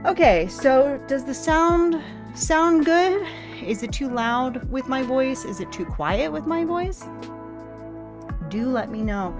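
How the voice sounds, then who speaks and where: A woman's voice: high-pitched, animated, slow pace. A woman streaming from home in casual chat, thinking aloud as she sets things up. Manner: chatty, thinks aloud while setting things up. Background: faint lo-fi music.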